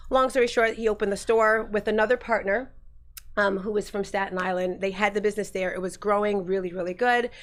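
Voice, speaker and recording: A woman's voice: medium pitch, steady tone, a little fast. Middle-aged woman guest, candid rambling storyteller. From New Jersey. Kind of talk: casual storytelling.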